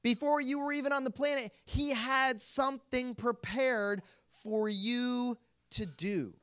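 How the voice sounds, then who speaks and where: A man's voice: very high voice, fairly bright tone, clean tone. A young man, a youth pastor, giving a casual Bible talk to a youth group, filling his speech with "like" and quizzing his listeners. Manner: chatty, lots of "like", quizzes the group.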